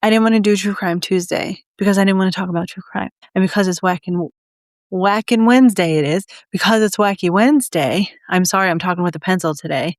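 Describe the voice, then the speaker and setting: A woman's voice: medium pitch, a little fast, dry recording, clean studio sound. A woman hosting her own podcast, chatting casually and out of breath, giggling and rambling as she repeats herself. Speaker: podcast host. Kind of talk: casual solo podcast chat.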